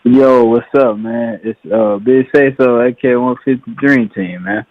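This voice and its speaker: A man's voice: mid-range voice, fairly even intonation, measured pace, no echo, phone-quality sound. A man calling into a boxing podcast, talking in a laid-back slangy way with many fillers. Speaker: caller. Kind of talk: call-in boxing analysis.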